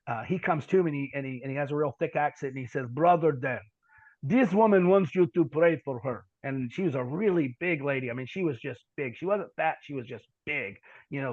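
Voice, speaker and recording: A man telling stories as a podcast guest, animated in his storytelling. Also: mid-range voice, no echo. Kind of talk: storytelling interview talk. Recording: dull lo-fi dry sound.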